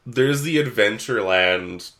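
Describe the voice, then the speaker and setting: A man's voice: lowish voice, lively intonation, a little slow, pushed and bright, slight background noise. A man co-hosting a podcast, chatting casually and rambling, with frequent swearing. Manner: laid-back, swears freely, rambling. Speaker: podcast co-host. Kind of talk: casual chat.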